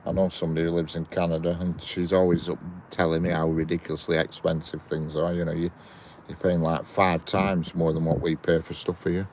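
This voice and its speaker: A man's voice: low voice, flat delivery, fairly quick, a little mellow, a little hiss or hum. A Northern English man chatting casually at the trackside, reading and answering viewers' messages in a rambling way. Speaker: trainspotting livestream host. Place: outdoors by a railway line. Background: birds and outdoor ambience.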